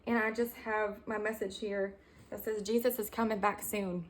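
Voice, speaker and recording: Woman, young adult, casual faith testimony, excitable, exclamatory, slow emphatic scripture reading. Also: mid-range voice. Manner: excited and exclamatory, often says y'all and come on; reads scripture slowly with emphasis. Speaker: Christian video testimony speaker.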